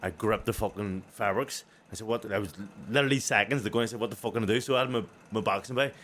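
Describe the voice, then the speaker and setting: A man's voice: lowish voice, fast talker, a little hiss or hum. Laughing, sweary Belfast man telling stories. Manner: animated, profane storytelling that keeps breaking into laughter. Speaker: co-host. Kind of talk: casual podcast chat.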